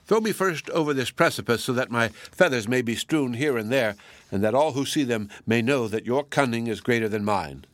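A man's voice: mid-range voice, animated, normal speed, a bit bright, no room sound, lightly acted. A man voicing a clever male crow in a storybook, politely pleading and then mocking. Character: clever male crow, cool-headed trickster.

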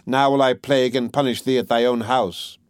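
A relentless little female sparrow from a storybook, voiced by a man reading aloud. She speaks in slow, solemn threats in a mid-pitched voice. The sound is dry and close. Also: steady tone, no room sound, natural voice. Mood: grim.

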